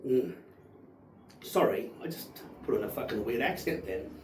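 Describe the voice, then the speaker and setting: A man's voice: mid-range voice, animated, normal speed, a little mellow, echoey room, far from the mic, slight background noise, low-quality recording. A man in his thirties rambling and swearing cheerfully while tasting whisky for his channel. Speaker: whisky reviewer. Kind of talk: casual tasting vlog.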